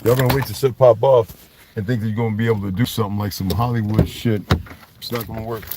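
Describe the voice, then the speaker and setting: A man's voice: on the low side, fairly even intonation, fast talker, darkish tone, a little hiss or hum. A man hosting his own channel, mixing a blunt, profane rant with reading a text aloud, recorded at home. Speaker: channel host.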